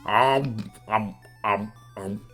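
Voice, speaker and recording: A woman voicing a hysterical male alligator who begs loudly for dog food in a game, raising her voice well above her own. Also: very deep voice, extremely slow, faint music behind, heavily acted. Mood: cheerful. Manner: pleading, shouting, overwrought.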